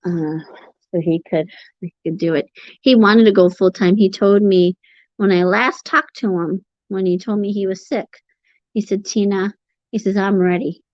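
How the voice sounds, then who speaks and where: A woman hosting a casual livestream chat, talking in a rambling, halting way with sighs between her thoughts and answering viewers as they come in. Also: mid-range voice, darkish tone, no echo, highs cut off. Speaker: livestream host reading chat.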